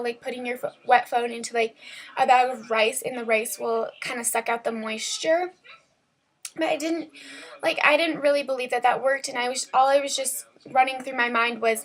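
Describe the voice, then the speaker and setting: A woman's voice: high-pitched, steady tone, normal speed, a bit bright. Chatty teenage girl telling a story. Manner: chatty, rambling, full of "like" and "um". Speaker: vlogger. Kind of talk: casual storytelling vlog.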